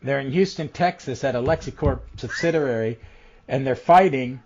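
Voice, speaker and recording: A man's voice: mid-range voice, normal speed, a little mellow, a little hiss or hum. Man rambling through a comic recap. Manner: rambling recap with frequent ums and restarts. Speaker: podcast host. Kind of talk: casual comic book podcast chat. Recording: dull lo-fi audio.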